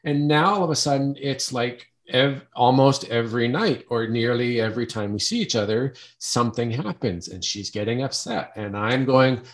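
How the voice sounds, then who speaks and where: A man's voice: medium pitch, lively intonation. A middle-aged man speaks candidly and personally. He stumbles and restarts often, repeating words as he works through painful thoughts. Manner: halting, with many restarts. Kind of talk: personal talk about trauma.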